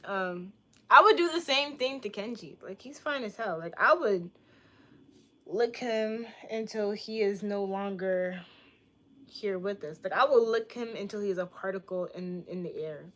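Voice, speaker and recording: A woman's voice: mid-range voice, measured pace, pushed and bright. Playful joking young woman streamer. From Boston, United States. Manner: playful, joking, crude and teasing. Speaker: livestreamer answering chat. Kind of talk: casual livestream chat.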